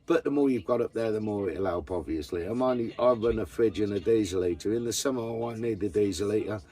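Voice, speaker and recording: A man's voice: fairly low pitch, quick pace, warm tone. A man chatting casually to camera about his camper van, blunt and full of swearing. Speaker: vanlife vlogger.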